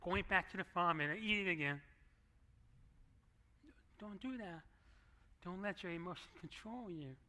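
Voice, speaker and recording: Bright-voiced man preaching conversationally. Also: high voice, measured pace, long pauses. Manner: conversational preaching with acted asides. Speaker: pastor. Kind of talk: sermon. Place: church sanctuary. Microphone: handheld microphone.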